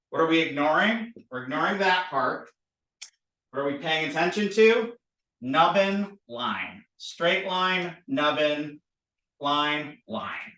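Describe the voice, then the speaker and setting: A man's voice: on the high side, distant mic. A man teaching a recorded lesson on drawing letters, playful and drilling sounds over and over. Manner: playful, repetitive drilling, animated. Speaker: language teacher. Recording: roomy, a bit off-mic.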